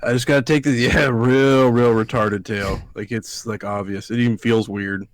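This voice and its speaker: Podcast dude from alabama, swears a lot, rambling story chat, middle pitch, dry close sound. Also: male voice, level tone, moderate pace, no room sound. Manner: profane, rambling storyteller who acts out quotes. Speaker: podcast co-host. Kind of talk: casual chat.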